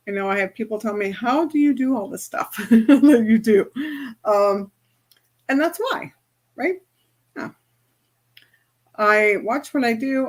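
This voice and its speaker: Chatty woman coach, bright pitch. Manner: chatty, often checks in with "right?". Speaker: spiritual and business coach. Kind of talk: casual teaching to an online group.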